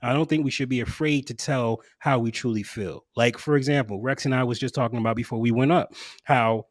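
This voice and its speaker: A man's voice: medium pitch, fairly quick, no room sound, studio quality. A man hosting a casual podcast panel, talking emphatically and repeating phrases for effect. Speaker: podcast host. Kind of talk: casual group discussion.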